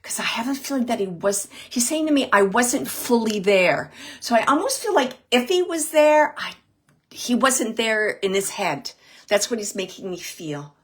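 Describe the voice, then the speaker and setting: A woman working as a psychic medium, giving a live reading to an audience member in a halting, searching way, repeating phrases as she relays messages. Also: a little high, sing-song.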